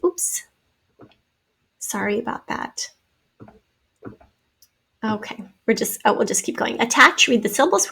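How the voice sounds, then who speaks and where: Gravelly-voiced woman teaching spelling. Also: a little high, fairly bright tone. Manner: patient, explanatory, sounding out syllables. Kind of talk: spelling lesson for children.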